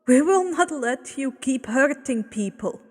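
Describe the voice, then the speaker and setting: A woman's voice: high-pitched, lively intonation, unhurried, husky, big-room sound, heavily acted. A woman reading aloud, voicing a firm, stormy-eyed man who entreats and pleads. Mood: pleading. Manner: entreating, earnest.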